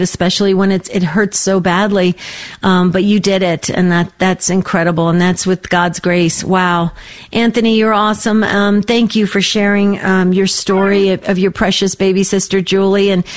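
Affirming woman hosting a call-in show. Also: mid-range voice. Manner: affirming, with soft murmurs of agreement. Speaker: radio show host. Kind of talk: warm call-in radio chat.

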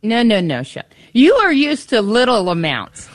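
A woman's voice: a little high, huge pitch swings, measured pace. A woman co-hosting a radio pledge drive, playful and teasing as she urges listeners to call. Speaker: radio co-host.

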